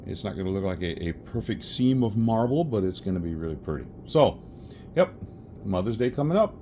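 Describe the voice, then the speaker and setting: This resin crafter's voice is on the low side, mellow and sing-song, and he talks briskly as he works through a pour. Set in a home workspace with a tripod-mounted camera, the casual narration wanders, with self-corrections and chuckles, and a faint hiss or hum underneath.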